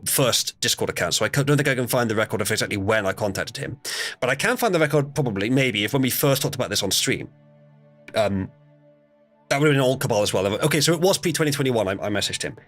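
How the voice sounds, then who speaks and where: A man's voice: mid-range voice, a bit bright. A man hosting a casual stream, telling a story in a rambling, hesitant way with many fillers. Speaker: stream host.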